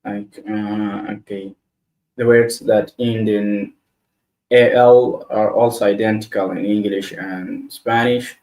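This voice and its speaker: Slow-talking man drilling words aloud. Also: on the low side, fairly even intonation, darkish tone. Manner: slow, reads words aloud and repeats them to practice. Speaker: language learner livestreaming study. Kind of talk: self-study livestream.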